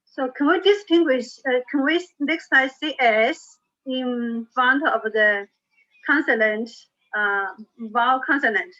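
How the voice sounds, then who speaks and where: A woman student asking a teacher halting questions with restarts over a video call. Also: high-pitched, bright, forceful tone. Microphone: video call microphone. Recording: dull video call audio.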